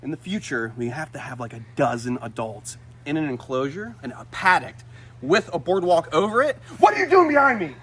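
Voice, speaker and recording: A man keeper hosting a casual vlog outdoors among animal enclosures, excitable and shouting at the animals now and then. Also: fairly high pitch, fairly quick, a little hiss or hum. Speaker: reptile keeper and host.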